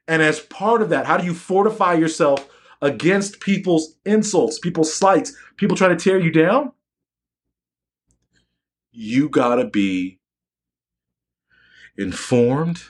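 A man's voice: fairly high pitch, animated, a little slow, long pauses. Emphatic man giving a preachy live talk. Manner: emphatic, preachy, repeats phrases. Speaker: educator and physician. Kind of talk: live-streamed motivational talk.

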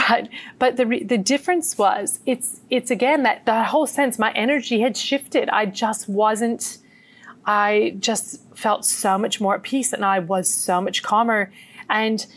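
Middle-aged aussie woman, meditation teacher on a chat show, earnest and animated, mid-pitched voice. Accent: Australian. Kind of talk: casual interview storytelling.

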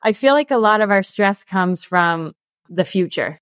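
A woman in her thirties, a guest author and coach, talking casually in an interview with lots of "like" and quick laughs. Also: mid-range voice, animated, dry recording, studio quality. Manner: chatty, peppered with "like" and laughs.

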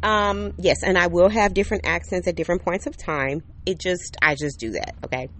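A woman's voice: lowish voice, fairly even intonation, fairly quick, fairly bright tone. Woman, podcast host, casual solo chat, upbeat, talks right to the listener, outdoors. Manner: chatty and upbeat, talks to listeners directly with many "okay?" and "right?". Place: outdoors under an umbrella on a patio. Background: neighbor's air conditioner.

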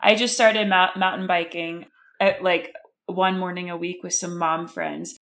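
Candid, animated woman podcast host. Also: fairly low pitch. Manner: candid, animated, quick to laugh. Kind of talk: casual interview chat.

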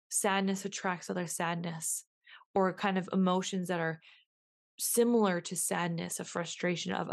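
Woman podcaster thinking out loud, mid pitch, keeps repeating herself, reflective. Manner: musing, repeats phrases, self-questioning. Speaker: podcast host. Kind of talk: reflective solo podcast monologue.

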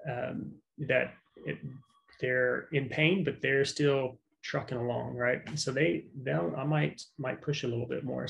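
A man's voice: mid-range voice, creaky, low-quality recording. A middle-aged man from South Louisiana, a manual therapist talking on a podcast in a reflective way, with many fillers and restarts. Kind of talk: casual podcast conversation.

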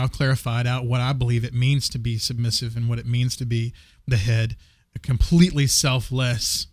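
A man talks through questions of faith in a casual podcast chat, earnest and a little halting as he restarts his sentences. His voice sits at a middling pitch. The sound is dry and close, with no room echo. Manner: earnest, repeats words while searching for phrasing. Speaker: podcast co-host. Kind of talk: casual Christian discussion podcast.

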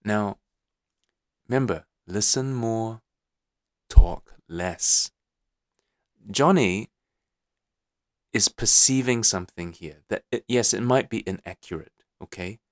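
A man's voice: on the low side, slow pace, pauses often, no echo, studio quality. A man hosting a motivational podcast, coaching listeners, repeating his points and often checking in with "okay?". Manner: many fillers and restarts. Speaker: podcast host.

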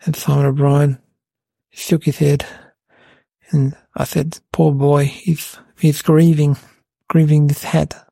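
A man playing a cheeky, indignant eight-year-old boy, telling a rambling comic story in a gravelly voice. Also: a little high, flat delivery, slow, long pauses, dark tone, dry recording, exaggerated voice. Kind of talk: comic character monologue.

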